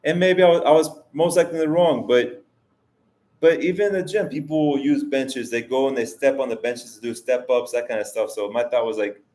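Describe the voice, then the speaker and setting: A man's voice: medium pitch, moderate pace, mellow. A man hosting a live stream, talking casually and rambling with restarts and fillers as he answers chat. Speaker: vlogger host reading live chat.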